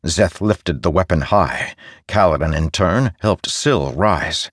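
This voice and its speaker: A man narrating a fantasy audiobook in an expressive storytelling way, close to a studio mic. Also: deep voice, slow, no echo.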